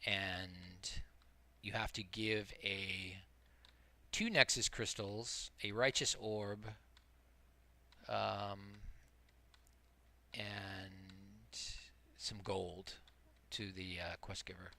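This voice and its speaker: A middle-aged multiboxing game streamer rambles casually through his gameplay, explaining tactics and poking fun at himself. His voice is fairly low with little pitch movement, pushed and bright, and he draws out words and pauses often.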